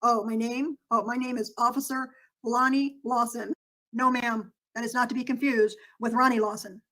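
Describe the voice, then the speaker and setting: A woman performs a small-town male police officer with a put-on Southern drawl. He is endlessly polite and deferential, and his voice is bright and sharp. The delivery is a comic, improvised role-play. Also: fairly high pitch, steady tone, normal speed, lightly acted, low-quality recording. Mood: courteous. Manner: courteous, deferential, lots of "yes, ma'am".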